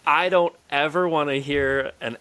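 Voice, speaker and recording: A man co-hosting a podcast, chatting casually and enthusiastically about a film, rambling with quick restarts. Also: a little high, fairly even intonation, a bit bright, poor audio. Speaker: podcast co-host. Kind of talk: casual film review chat.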